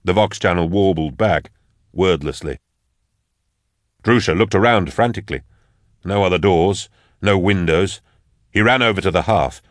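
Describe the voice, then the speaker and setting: A man narrating a dark fantasy story with measured, dramatic delivery. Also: low voice, no echo, clean studio sound. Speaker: audiobook narrator. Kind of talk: scripted narration.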